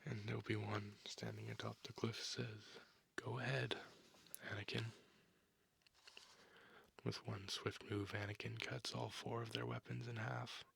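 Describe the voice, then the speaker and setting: A man reading a comic aloud in a slow, hushed ASMR style on a binaural microphone, with many fillers. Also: on the low side, flat delivery, gravelly, slightly rough, dry recording. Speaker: comic reader.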